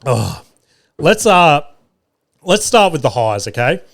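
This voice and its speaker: A man's voice: fairly high pitch, sing-song, takes it slowly, creaky, fairly bright tone. Swearing man ranting on a podcast. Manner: profane, exasperated storytelling with wry laughs. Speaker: podcast host. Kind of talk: casual solo podcast monologue.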